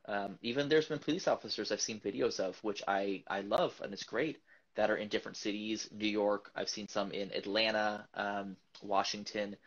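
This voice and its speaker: A man with a fairly low voice hosts a relaxed podcast, talking in long, rambling stretches full of restarts and quick laughs. The sound is dull and lo-fi. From United States. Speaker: podcast host. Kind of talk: casual conversational podcast chat.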